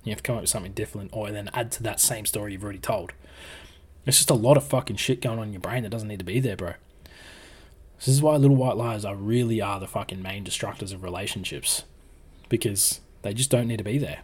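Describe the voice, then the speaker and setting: A man's voice: on the low side, quick pace, breathy edge. A man giving relationship advice in a casual monologue, blunt and swearing freely as he acts out little scenes of dialogue.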